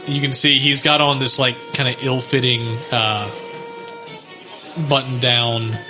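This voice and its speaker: A man's voice: mid-range voice, little pitch movement, a little slow, music in the background, poor audio. A man narrating a tabletop game as game master in a loose, casual way.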